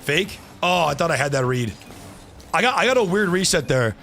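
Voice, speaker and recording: A young man streaming a car-soccer match, trash-talking opponents and yelling at his teammates. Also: on the high side, very animated, normal speed, creaky, a little hiss or hum. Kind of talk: live gameplay commentary.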